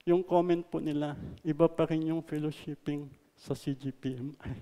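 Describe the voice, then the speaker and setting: A man with a Filipino accent preaching a sermon, mixing English and Tagalog, stressing words loudly and then letting lines trail off softly. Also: a little high, fairly even intonation, moderate pace, big-room sound. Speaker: pastor. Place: church hall.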